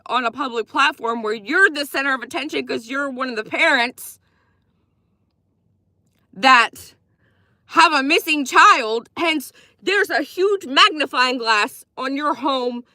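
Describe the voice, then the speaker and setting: A woman's voice: high voice, no room sound. A woman giving blunt, profane, opinionated commentary on a livestream, thanking viewers as she goes. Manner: reacts warmly to viewer gifts.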